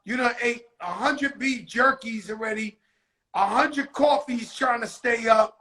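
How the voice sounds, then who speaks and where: High, bright-voiced man talking excitedly. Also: a little slow, poor audio. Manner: excitable, swearing street talk. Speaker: host. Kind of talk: casual chat.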